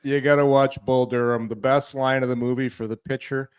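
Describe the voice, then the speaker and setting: A man's voice: mid-range voice, level tone, fairly quick, clean tone. A man co-hosting a sports talk show, playful and teasing in casual banter. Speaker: co-host.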